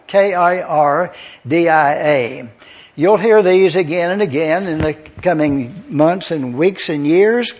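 A male pastor leads a night-time Bible teaching in a slightly high voice. He speaks in a measured, deliberate way and spells out key words one letter at a time for note-takers. The recording is dull and lo-fi. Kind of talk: evening Bible teaching to a congregation.

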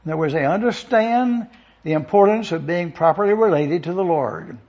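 A man's voice: high-pitched, moderate pace, darkish tone, muffled recording. A man preaching an expository Bible lesson, methodically listing and repeating points for review with a dry touch of sarcasm.

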